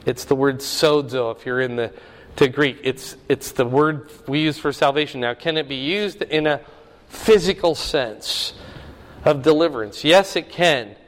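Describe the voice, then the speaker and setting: With a mid-range, unhurried voice and a big-room sound, a pastor preaches a sermon that explains the meaning of Greek words, his emphasis rising as he goes.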